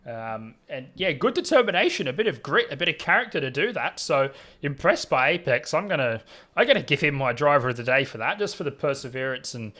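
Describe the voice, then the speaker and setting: A man's voice: on the high side, fairly bright tone. A man commentating a sim race and interviewing drivers afterwards, upbeat and calling everyone mate. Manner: upbeat, says "mate" a lot. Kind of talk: casual sim racing commentary.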